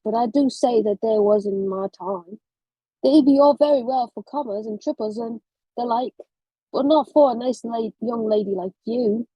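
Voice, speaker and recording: Woman putting on a gruff ancient sailor, rustic British accent attempt, slow, husky, dry sound. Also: fairly high pitch, warm tone, no echo, low-quality recording. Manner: dialect grammar, slow and halting. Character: very old skeptical male sailor, gruff. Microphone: video call.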